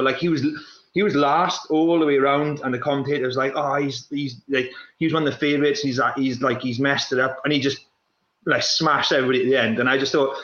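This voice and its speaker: A young man talks in restless, quick bursts, often repeating words as he goes. His voice sits in a middle pitch. The sound is dull and lo-fi, with a roomy echo around it. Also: fairly even intonation, a bit bright. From Wales. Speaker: guest, former runner. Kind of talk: casual chat.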